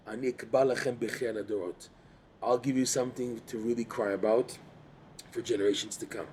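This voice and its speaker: Male Torah teacher, animated, repetitive delivery, mid pitch, faint background hiss. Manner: animated, repeats words, asks listeners to follow. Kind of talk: Torah class explaining texts.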